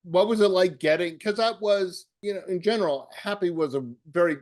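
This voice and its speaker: A man hosting an interview, asking friendly, halting questions and joking with his guest. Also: high voice, a little mellow. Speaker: interview host. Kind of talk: casual interview.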